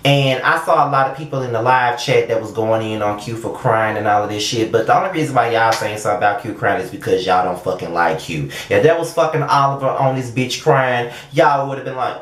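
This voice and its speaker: A young man giving a blunt, profane, animated casual commentary as a show reviewer. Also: medium pitch, fast talker, few pauses, reverberant.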